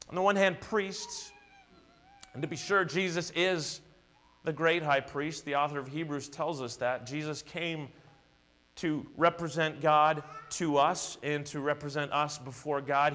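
A man's voice: a little high, a bit bright. A male pastor preaching a sermon, earnest and emphatic, building repeated declarations.

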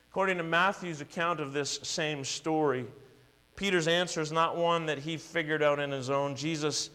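A man's voice: a little high, fairly bright tone. Earnest male pastor preaching a sermon. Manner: earnest, builds to emphatic declarations, repeats words at restarts.

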